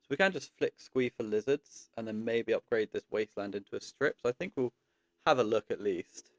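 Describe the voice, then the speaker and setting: A man giving casual gameplay commentary, thinking aloud in a relaxed way with frequent pauses and ums. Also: fairly low pitch, no echo. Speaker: card game content creator.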